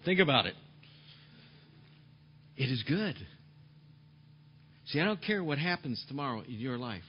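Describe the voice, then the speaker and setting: A male pastor preaching a sermon emphatically, repeating key phrases and dropping to soft tones, on a dull lo-fi recording. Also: medium pitch, big pitch swings, unhurried, a little hiss or hum.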